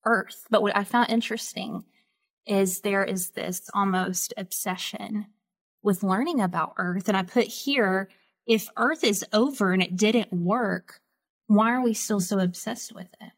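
A Southern American woman hosts a relaxed interview conversation. She sounds eager and thinks out loud, with a mid-range pitch. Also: measured pace. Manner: enthusiastic, thinks aloud with fillers. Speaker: podcast host.

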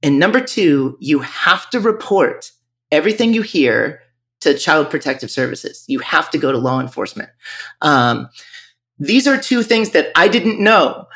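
A man's voice: fairly high pitch, very animated, unhurried, a bit bright. A man who owns a music school, speaking candidly and reflectively in a podcast interview, often restarting his sentences. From northern Virginia.

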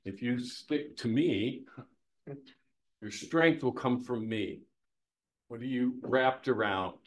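A man leads a Bible teaching in a relaxed, conversational way. His voice sits in an ordinary middle pitch. He keeps it lively and folksy, tossing rhetorical questions to the room and leaning on homespun humor. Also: takes it slowly. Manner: lively, asks the audience many rhetorical questions.

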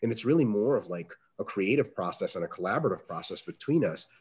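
A man answering interview questions as a strength coach, talking casually, with salty language and lively acted-out quotes. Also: lowish voice, fast talker, breathy edge. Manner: profane, animated, acts out quoted dialogue.

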